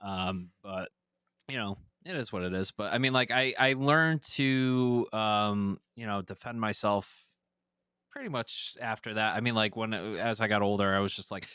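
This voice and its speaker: A man's voice: fairly low pitch, normal speed, sharp tone, smooth, no echo, clean studio sound. A man guesting on a podcast, telling a story in casual, rambling talk full of fillers and swearing. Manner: rambling, profane, many fillers.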